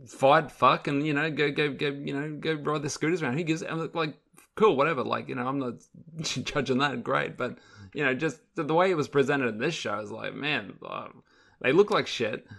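A man co-hosting a podcast, chatting casually and critically, animated and profane with lots of stumbling restarts. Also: mid-range voice, moderate pace, vocal fry. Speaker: podcast co-host.

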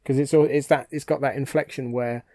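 A man's voice: medium pitch, fairly even intonation, a little fast, mellow, no room sound. A man co-hosting a podcast, chatting casually with playful jokes and frequent laughs. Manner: playful, jokey asides, laughs often. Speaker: podcast co-host. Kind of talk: casual chat.

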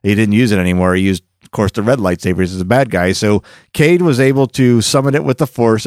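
A man's voice: fairly low pitch, dry recording, clean studio sound. A man hosting a podcast, recapping comic lore in a chatty storytelling way with jokey asides. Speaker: podcast host.

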